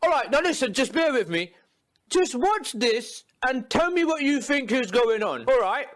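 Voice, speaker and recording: A man delivering a loud, sarcastic, profane comedic rant to the camera. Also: extremely high pitch, very animated, normal speed, faint music behind. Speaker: comedy video host. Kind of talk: ranting comedic monologue.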